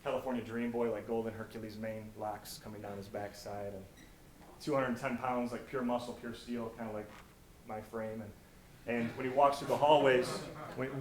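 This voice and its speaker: A young American man giving an inspirational stage talk, telling stories and swinging from hushed to loud. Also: medium pitch, level tone, moderate pace. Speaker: motivational speaker. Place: college auditorium. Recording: echoey auditorium, faint noise.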